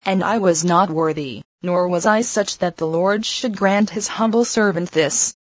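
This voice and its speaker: A woman reading a religious text aloud in a measured, solemn narration. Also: medium pitch, no room sound, rough recording. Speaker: reader.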